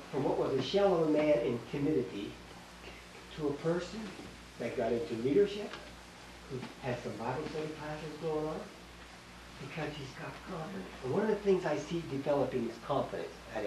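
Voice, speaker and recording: A man's voice: on the high side, expressive, moderate pace. An older man with a Canadian accent teaching a Bible class in a small church hall, emphatic, repeating himself and quizzing his listeners. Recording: echoey room, distant mic, faint hiss.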